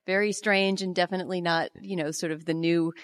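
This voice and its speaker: A woman's voice: on the low side, fairly even intonation, brisk, no echo. Articulate woman podcast co-host. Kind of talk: live panel podcast chat.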